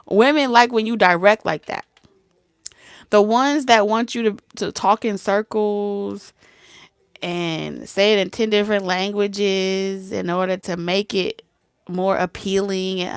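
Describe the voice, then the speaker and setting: A woman tarot reader talks straight to her audience in a blunt, streetwise way. She acts out both sides of a conversation, laughs often and slips into soft whispers. Her voice sits at a middle pitch and is recorded dry and close. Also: unhurried, clear, resonant tone, dry recording. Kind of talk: casual talk to camera.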